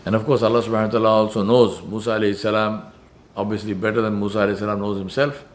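A man's voice: fairly low pitch, little pitch movement, racing. A man preaching a sermon in an earnest manner, stressing points by repetition and often restarting his phrases.

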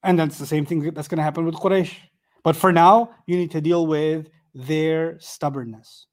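A man giving an animated, conversational Quran commentary lesson, his voice climbing sharply when he drives a point home. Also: on the high side, moderate pace. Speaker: Quran teacher.

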